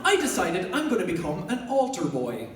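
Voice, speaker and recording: A young Irish man hosting a live stage show, telling funny stories to an audience in an energetic, loud, jokey way, often laughing as he talks. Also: sits high, normal speed, heavy background noise. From Ireland. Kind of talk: stand-up storytelling to a live audience. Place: large concert hall with a live audience. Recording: echoey hall recording from far off, loud crowd.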